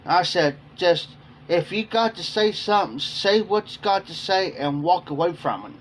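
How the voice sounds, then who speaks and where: A man's voice: high voice, lively intonation, moderate pace, slight background noise. Rambling male livestreamer telling a story. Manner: rambling, repeats "I said" while retelling. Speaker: livestream host. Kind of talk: casual storytelling to chat.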